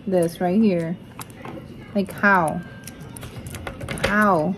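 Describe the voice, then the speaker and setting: A young woman casually showing off puzzle toys at home, excited and teasing, constantly saying how cool things are. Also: lowish voice, very slow, soft background music. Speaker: vlogger. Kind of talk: casual unboxing chat. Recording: noisy home recording.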